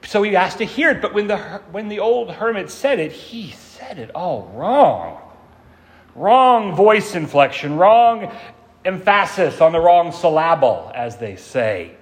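A man's voice: high voice, sing-song, measured pace. A man preaching a sermon, telling a parable with shifting emphasis as he goes. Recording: long reverb.

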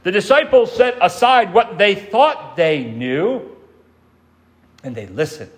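A man's voice: high-pitched, very animated, slow. A man preaching a sermon, telling a parable with shifting emphasis as he goes. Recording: long reverb.

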